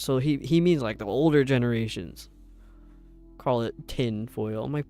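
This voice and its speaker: A man's voice: mid-range voice, moderate pace, a little mellow, clean tone, no echo, soft background music. A young man with a New York accent, chatting casually on a live stream in a rambling way, with lots of filler words. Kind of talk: casual chat while gaming.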